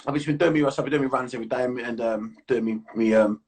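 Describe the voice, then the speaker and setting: A man hosting a relaxed chat, asking easy questions with a husky voice. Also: mid-range voice, fast, distant mic. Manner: laid-back, laughing, friendly questions. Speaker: host. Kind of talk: casual chat.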